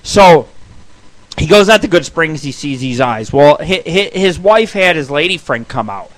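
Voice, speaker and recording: A man hosting his own radio show, telling rambling, profane stories with sudden shouted bursts. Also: on the high side, lively intonation, a little slow. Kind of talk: profane storytelling monologue.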